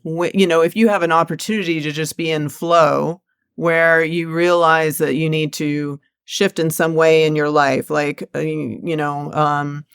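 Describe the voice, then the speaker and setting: A woman's voice: sits low, fairly even intonation, unhurried, clean tone, no room sound, clean studio sound. A woman in a casual podcast conversation, thinking aloud in a reflective way with frequent fillers.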